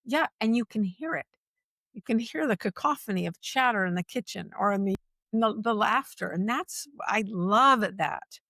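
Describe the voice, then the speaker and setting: Animated, emphatic woman on a dry podcast mic. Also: on the high side, moderate pace, creaky, no echo. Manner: animated, emphatic, repeats phrases for stress. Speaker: guest, workplace culture executive. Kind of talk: conversational podcast interview.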